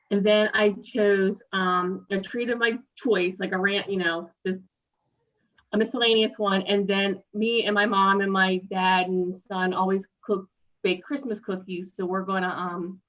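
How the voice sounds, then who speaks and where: A woman sharing her progress on a group video call, earnest and measured. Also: medium pitch. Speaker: group member. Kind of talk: casual chat on a video call. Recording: dull, muffled video call audio.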